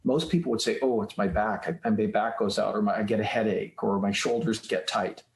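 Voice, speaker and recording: A man's voice: lowish voice, brisk, vocal fry, a little hiss or hum. Guy on a podcast breaking stuff down step by step, kinda roomy echo on him. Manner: explanatory, teacherly, walks through steps. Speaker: guest author, child psychologist. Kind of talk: podcast interview. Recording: roomy echoey room sound.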